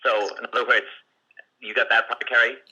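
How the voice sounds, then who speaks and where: Bright, husky-voiced man coaching. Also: medium pitch, level tone, a little fast, dull audio. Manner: conversational, many restarts and fillers; acts out client and seller lines in quotes. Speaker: sales coach. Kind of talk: teaching on a recorded group call.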